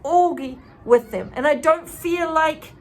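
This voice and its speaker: A woman voicing an upset teenage girl who sounds defensive and tearful and talks in quick, pleading bursts. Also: high voice, a little hiss or hum, pitched above the performer's own voice.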